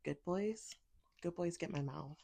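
A woman's voice: fairly low pitch, measured pace, creaky, warm tone. A woman speaking in an intimate audio role-play, teasing and commanding, sometimes dropping to a whisper.

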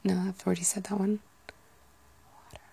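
A British woman in whispered ASMR chat, musing aloud softly and rambling. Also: fairly low pitch, level tone, moderate pace, creaky, a little hiss or hum. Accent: British English.

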